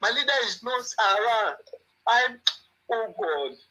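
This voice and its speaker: A man's voice: sits high, lively intonation, slow pace, pushed and bright, rough recording. A man calling in to a talk show, speaking with impassioned, repetitive emotion. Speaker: caller. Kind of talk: phone-in call.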